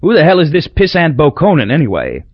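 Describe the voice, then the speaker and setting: A crude, blustering middle-aged businessman fires off demanding questions, as a man plays him. His voice sits raised and husky with big swings in pitch, on a dull, dry lo-fi recording. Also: huge pitch swings, quick pace, dry recording, full character voice.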